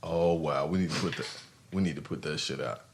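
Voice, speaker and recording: A man co-hosting a podcast in casual banter, telling stories with laughter and sudden loud shouts. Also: very deep voice, a little fast, a little hiss or hum. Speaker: podcast co-host.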